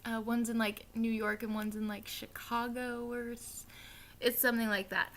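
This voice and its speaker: A young Southern woman with a Southern accent rambles casually through a book wrap-up as a book vlogger, packing in likes, ums and the occasional swear for emphasis. Her voice sits on the high side with little pitch movement, a moderate pace and a fairly bright tone, with a little hiss or hum behind it.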